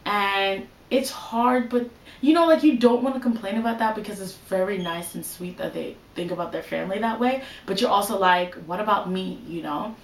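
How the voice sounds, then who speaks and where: A woman's voice: mid-range voice, moderate pace, reverberant, poor audio. A young woman giving casual advice in a vlog, chatty and full of "like" and "you know". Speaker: vlogger.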